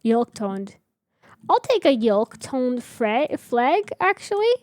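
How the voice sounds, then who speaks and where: A woman's voice: on the high side, big pitch swings, takes it slowly, a little mellow, no echo. A young woman streamer chatting casually with her viewers while building in a game, rambling and answering chat.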